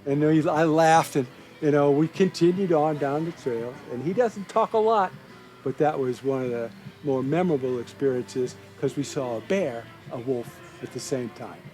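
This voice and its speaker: A man's voice: fairly high pitch, normal speed, mellow, faint music behind, rough recording. An older man who worked for a state park, telling a story in a documentary interview and acting out the quotes.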